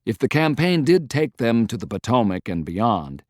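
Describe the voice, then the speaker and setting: A man reading a historical novel aloud as an audiobook narrator, in an even, measured way on a close studio mic. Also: medium pitch, dry recording. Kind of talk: scripted narration.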